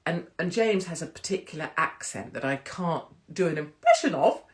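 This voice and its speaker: A woman's voice: sits low, animated, normal speed. Blunt middle-aged woman vlogger. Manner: blunt, rambling, swears freely. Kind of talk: candid chat to camera.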